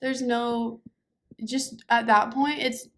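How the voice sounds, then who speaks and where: Opinionated young woman with a higher voice. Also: little pitch movement, takes it slowly, a little hiss or hum. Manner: opinionated, emphatic, with frequent restarts. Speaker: podcast co-host. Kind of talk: casual chat.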